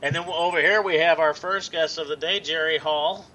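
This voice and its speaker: Brief: giggly male host, bright sharp tone, a touch high, stumbling banter. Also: fairly even intonation, normal speed, low-quality recording. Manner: jokey, giggly, stumbles over words. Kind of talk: casual talk show chat.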